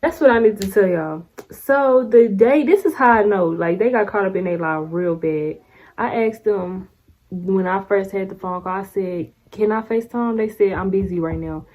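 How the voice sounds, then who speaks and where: A woman's voice: mid-range voice, normal speed, a little mellow. A young woman vlogging casually, telling a story in a blunt, sassy way and laughing often.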